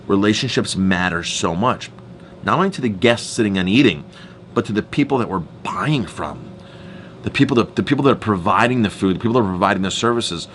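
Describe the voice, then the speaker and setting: Low-voiced man, earnest chef. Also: fairly bright tone, slight background noise. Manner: earnest, emphatic, repeats words as he goes. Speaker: chef and restaurant owner. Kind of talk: storytelling staff training talk.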